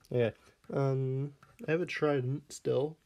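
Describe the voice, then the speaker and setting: Man, game commentary, slow unhurried talk, mellow dark voice, chuckles a lot, chides his pet dog. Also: medium pitch. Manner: laid-back, laughs often, scolds and coos at his pet dog. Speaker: Minecraft let's player. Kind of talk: casual gameplay commentary.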